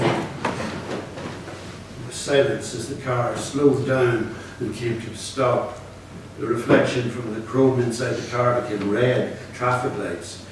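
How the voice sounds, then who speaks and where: A Northern Irish man in his sixties from Belfast, an author reading his fiction aloud in a measured, low-key way. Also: steady tone, slight background noise. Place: lecture hall at a reading event. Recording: echoey hall, from far off.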